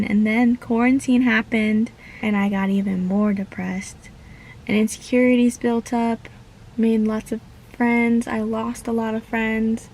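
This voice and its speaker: A woman's voice: a little high, slight background noise, rough recording. A young woman from the United States talking earnestly and heartfelt in a reflective personal vlog. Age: young adult. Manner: earnest and heartfelt, slow with pauses. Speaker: vlogger.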